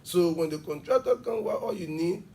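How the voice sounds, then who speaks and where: A man's voice: sits high, lively intonation, darkish tone, recorded from a distance, a little hiss or hum. A man, an education official explaining at length in a TV interview. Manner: fast, emphatic explaining with examples. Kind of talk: television interview.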